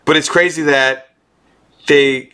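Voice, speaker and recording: A man chatting casually and excitedly about a show episode, swearing and restarting often. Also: on the high side, slow, smooth. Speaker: streamer co-host. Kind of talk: casual show recap chat.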